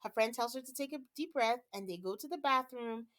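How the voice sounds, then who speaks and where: A woman's voice: on the high side, fairly quick. Chatty woman hosting a podcast. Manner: chatty, animated when quoting people, laughs often. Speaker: podcast host. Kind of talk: casual recap chat.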